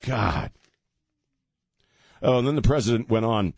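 A man's voice: mid-range voice, lively intonation, unhurried, gravelly, pauses often, a little mellow, dry recording, studio quality. A man hosting a talk radio show, giving mocking, sarcastic political commentary and laughing at his own jokes.

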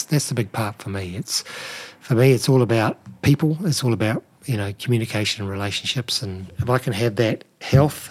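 A middle-aged man, a nutrition expert guest, explaining in a relaxed conversational way with many "you know" fillers. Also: medium pitch. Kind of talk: conversational interview.

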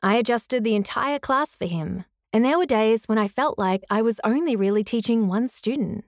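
A woman's voice: a little high, no room sound. Woman reading her memoir, dry studio sound. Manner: measured, earnest, reflective. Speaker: memoir narrator, former teacher. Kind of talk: scripted first-person memoir narration.

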